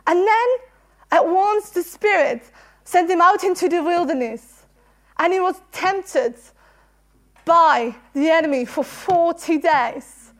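Very high-voiced woman preaching earnestly. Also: expressive, takes it slowly, long pauses. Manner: earnest and emotional, laughing between phrases. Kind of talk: sermon.

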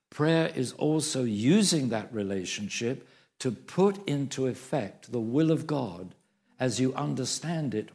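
A male preacher delivers a sermon in an emphatic style, repeating key phrases to drive them home. His voice carries a gravelly edge. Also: mid-range voice, darkish tone.

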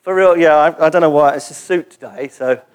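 Man, preacher, sermon, high voice, animated, playful, call-and-response with congregation. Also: brisk, clean tone. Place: church gathering before a congregation.

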